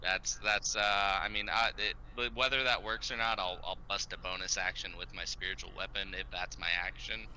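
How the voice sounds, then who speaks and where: Male tabletop player, sharp bright tone, lowish pitch, earnest, hesitant delivery. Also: steady tone, moderate pace, hardly any pauses, a little hiss or hum, low-quality recording. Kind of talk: playing a tabletop game.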